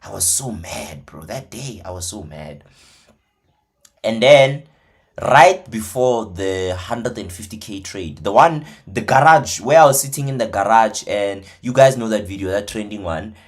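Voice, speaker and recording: A man with a fairly low voice talks casually about his trading days. He swings from quiet, mumbled asides to loud, excited bursts. His stories ramble along with frequent laughs. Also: a little slow. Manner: animated, swings from hushed to loud, laughs often. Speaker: trader and trading mentor. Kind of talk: casual storytelling.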